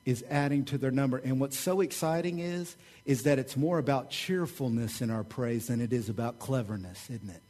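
A man preaching a sermon with a Southern American accent, joking and animated, his voice swinging louder when he mocks others. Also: mid-range voice, fairly quick, few pauses. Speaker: pastor. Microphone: website recording of a church service.

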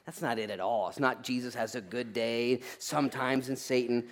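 A man preaching a conversational sermon in an animated, joking way, who drives his points home with a repeated "okay?" and breaks into loud acted-out asides. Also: medium pitch, moderate pace. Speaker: pastor.

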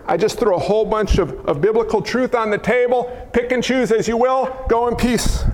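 Animated high-voiced male pastor, echoing hall. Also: moderate pace, hardly any pauses. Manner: animated, acts out crowd cries and quotes. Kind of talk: sermon. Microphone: wearing a mic. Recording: long hall reverb.

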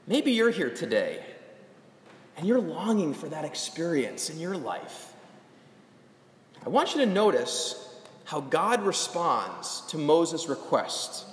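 A young adult man preaching a sermon as a pastor, animated and rising to emphatic calls. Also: on the high side, slow, pauses often. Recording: echoey hall.

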